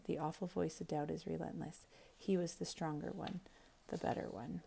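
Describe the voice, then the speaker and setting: A woman teacher reading a novel aloud, expressive, quiet and intense. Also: deep voice, moderate pace, creaky, breathy edge.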